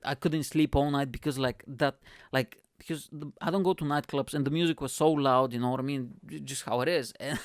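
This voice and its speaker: A man's voice: mid-range voice, clear, resonant tone, no echo, clean studio sound. A man hosting his own podcast, a stand-up comedian telling a rambling story in a chatty way, swearing freely and calling listeners "mate". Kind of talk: casual storytelling monologue.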